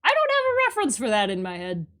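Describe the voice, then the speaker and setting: A young woman on a live stream, talking fast and cracking jokes as she reads. Her voice sits high and swings widely in pitch. She swears casually and keeps up a running commentary into her streaming mic. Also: huge pitch swings, fairly bright tone. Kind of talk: casual live-stream reading of a visual novel.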